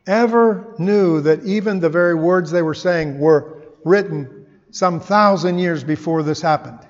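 High-voiced preacher man in a reverberant hall. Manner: expressive Bible reading, dramatic emphasis on quotes. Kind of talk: sermon. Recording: dull sound with long hall reverb.

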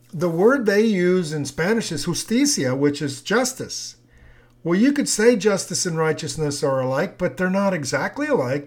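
Male preacher on an audio teaching; slightly high voice, easygoing and explanatory, full of fillers. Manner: conversational, with fillers and restarts; explains with homely examples. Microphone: audio recording.

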